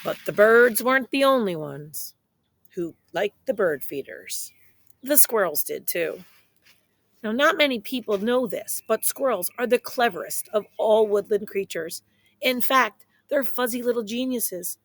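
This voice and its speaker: A woman reading a children's picture book aloud in a playful, expressive way, speaking straight to young listeners. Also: a little high, measured pace. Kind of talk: children's story read-aloud.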